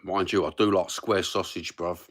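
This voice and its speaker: A low-voiced, steady-toned man from East London, middle-aged, hosts a livestream and rambles through casual chat at a moderate clip. He's matey and foul-mouthed, with plenty of slang.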